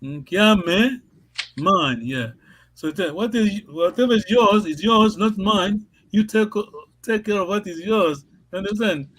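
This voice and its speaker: A man teaching a language class on a video call, patient and halting, often repeating words and laughing. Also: sits high, fairly bright tone, poor audio.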